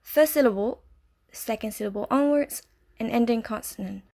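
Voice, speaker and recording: A woman narrating a scripted language lesson, explaining step by step in a slow, clear way. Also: on the high side, darkish tone. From Malaysia. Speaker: language teacher.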